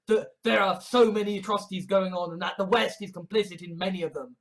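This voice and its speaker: A man's voice: sits high, fairly even intonation, fairly quick, few pauses, fairly bright tone, rough recording. A man ranting in a sarcastic, exasperated way, swearing often and repeating a mocking phrase in escalating outbursts. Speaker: online commentator. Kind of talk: ranting commentary compilation.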